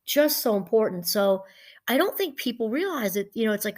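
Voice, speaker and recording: A woman's voice: fairly high pitch, sing-song, fairly quick. A woman professor giving a casual, chatty talk. She wanders off topic, restarts her sentences often and laughs easily. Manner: chatty and digressive, with frequent restarts. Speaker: professor and podcast host. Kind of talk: casual teaching monologue.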